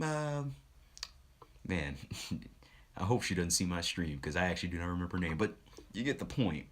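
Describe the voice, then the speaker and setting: A young man streaming, telling a casual story in an animated way and slipping into funny voices when he quotes people. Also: low-pitched.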